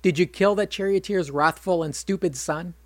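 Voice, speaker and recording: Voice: medium pitch, normal speed, no room sound, natural voice. A narrator voicing a bitter, self-pitying king who whines and rants at his brother. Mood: ranting. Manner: whining, ranting.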